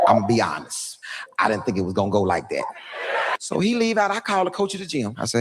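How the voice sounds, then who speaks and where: A man telling a boastful comic story, animated and acting out all the voices himself. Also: fairly low pitch, brisk, in a large hall, crowd noise. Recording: noisy recording.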